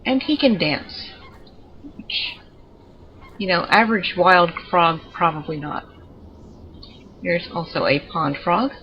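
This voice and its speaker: A woman's voice: fairly low pitch, slow pace, long pauses, lo-fi sound, slight background noise. A woman giving chatty, digressive commentary while showing off her pets in a video game. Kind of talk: casual gameplay commentary.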